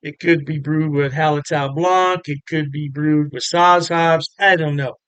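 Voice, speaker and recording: A man's voice: fairly high pitch, steady tone, measured pace, a bit bright, smooth, no room sound. Chatty, upbeat beer-reviewing man. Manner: chatty and upbeat, with frequent fillers. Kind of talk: casual beer review to camera.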